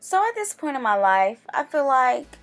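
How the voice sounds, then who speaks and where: A woman's voice: sits high, sing-song, moderate pace, fairly bright tone. A young woman talking viewers through her makeup in a casual, chatty way, addressing them directly as she works. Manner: chatty, talks straight to viewers. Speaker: beauty vlogger. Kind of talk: casual makeup tutorial narration. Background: faint music.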